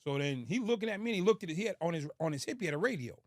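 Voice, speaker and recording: A middle-aged man telling a story as a podcast guest, animated, with street slang and emphatic repetition. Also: sits high, rapid-fire, dry recording, studio quality.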